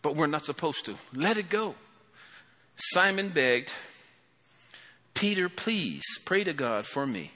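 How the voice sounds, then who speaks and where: Slow bright-voiced preacher in a hall. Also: male voice, fairly high pitch, very animated. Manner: impassioned, rising and falling, calls for amen. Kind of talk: sermon.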